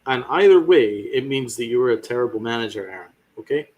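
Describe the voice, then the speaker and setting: A man's voice: medium pitch, animated, brisk, a little mellow, breathy edge. Fiery sarcastic man ranting about sports. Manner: fiery, sarcastic, swears a lot. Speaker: podcast host. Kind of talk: ranting sports podcast commentary.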